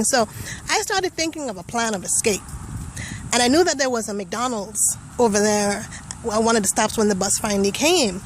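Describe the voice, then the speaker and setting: A young woman with a somewhat high voice gives a personal testimonial. She tells it vividly and acts out the voices and thoughts she remembers. Faint background noise sits under her voice. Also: poor audio. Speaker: testimonial speaker.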